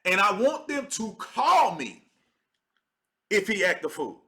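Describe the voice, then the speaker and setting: Thirties man, livestream host. High, bright voice, emphatic and conversational. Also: sing-song, takes it slowly. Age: 30s. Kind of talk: casual livestream commentary.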